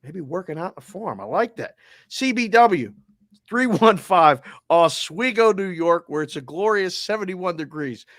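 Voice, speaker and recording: A man with a Boston accent hosting a sports talk show, running through listener names and places with energetic, casual shout-outs. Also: sits high, normal speed, no echo, clean studio sound. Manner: energetic, shout-outs with area codes and towns. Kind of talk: roll call of listeners, casual.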